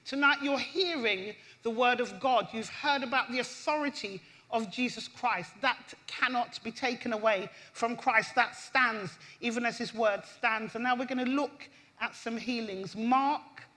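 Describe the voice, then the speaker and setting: A woman preaching with a high, bright voice. She reads scripture and builds to impassioned emphasis, her pitch climbing as she drives a point home. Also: unhurried. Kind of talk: sermon with scripture reading.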